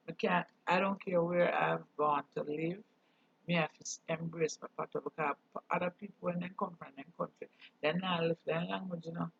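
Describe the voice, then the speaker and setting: A man's voice: fairly high pitch, gravelly, slightly rough, dry recording. A man from Jamaica with a Jamaican accent, talking earnestly in a casual monologue and mixing patois with English. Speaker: channel host. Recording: dull dry recording.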